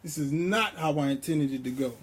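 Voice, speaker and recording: A man with a high-pitched voice delivers a rambling spiritual monologue. He talks in a preachy, profane, street-casual way. When he quotes scripture, he slows down and reads each line deliberately. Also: a little hiss or hum. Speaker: vlogger.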